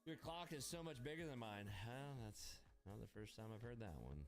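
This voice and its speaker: A man runs a casual livestream of his trades, riffing with viewers and cursing when a trade gets away. His voice swings widely in pitch as he jokes and vents. Faint music plays behind him. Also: normal speed. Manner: profane, excitable, jokey, frequent swearing. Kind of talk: casual live-stream chat, answering viewers.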